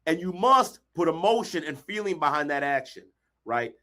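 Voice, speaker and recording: A man hosting a motivational workshop over a video call, acting out quotes and bursting into shouts. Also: high-pitched, sing-song, moderate pace. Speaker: workshop host, counselor.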